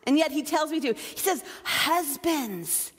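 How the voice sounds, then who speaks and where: Woman pastor, high voice, lively playful sermon delivery, long hall reverb. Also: measured pace. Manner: animated, playful, self-mocking asides. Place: church sanctuary.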